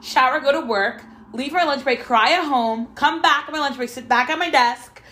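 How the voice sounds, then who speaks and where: A woman's voice: high voice, fairly quick, sharp tone. A young woman hosting a casual chat, telling a personal story bluntly, swearing often and acting out what others said. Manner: candid storytelling with frequent swearing and quoted dialogue. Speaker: podcast host.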